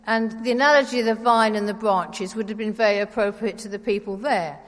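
A woman giving a conversational, gently wry sermon in church. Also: mid-range voice, fairly even intonation, brisk. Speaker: preacher. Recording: reverberant church hall.

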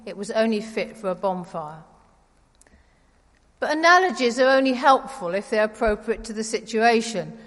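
A woman giving a conversational, gently wry sermon in church. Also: fairly high pitch, animated, moderate pace. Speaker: preacher. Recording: reverberant church hall.

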